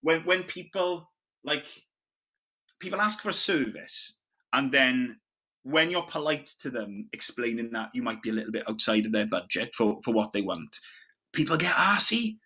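Bright-voiced chatty man. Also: mid-range voice, lively intonation, normal speed, breathy edge. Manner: chatty storyteller, says mate often. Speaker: podcast co-host. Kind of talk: casual chat.

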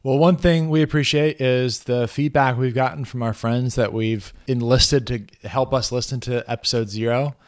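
A man co-hosting a casual film review podcast, chatting in an animated way and acting out his own reactions. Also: mid-range voice, moderate pace, hardly any pauses, dry recording, clean studio sound. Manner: animated, acts out quoted reactions. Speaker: podcast co-host.

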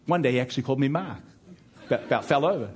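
A pastor in middle age delivers a sermon with emphasis, repeating words often and driving his main points higher and louder. He speaks in a rapid-fire rush.

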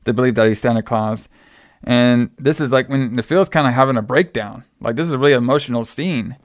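A man's voice: mid-range voice, fairly quick, no echo, studio quality. A man casually recapping a movie plot as a podcast co-host, rambling and leaning heavily on filler words.

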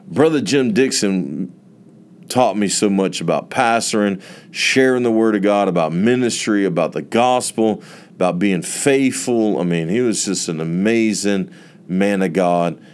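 Preacher guy, real deep voice, telling his story all earnest and emotional. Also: a little mellow, clear, resonant tone. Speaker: pastor. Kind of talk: sermon testimony.

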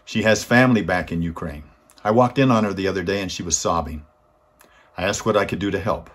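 A man giving a weekly inspirational talk, telling a story in an earnest way and rising in force on key points. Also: fairly quick. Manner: earnest, swells louder and higher on key points. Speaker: motivational speaker.

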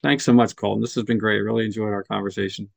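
A man's voice: lowish voice, little pitch movement, fast, gravelly, no echo. A man talking as a guest on a podcast interview, chatty and encouraging, sometimes acting out what children say. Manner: chatty, encouraging, acts out kids' voices. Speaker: guest, music nonprofit leader.

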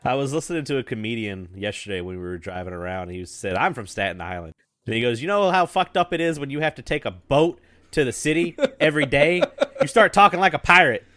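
Male co-host, bright forceful tone, dry close mic, quick joking banter. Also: medium pitch, animated, no echo. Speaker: podcast co-host. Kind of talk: casual chat.

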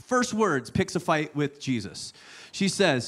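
A man preaching a sermon, telling the story with playful asides and sudden hushed lines. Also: on the high side, very animated, moderate pace. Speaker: pastor.

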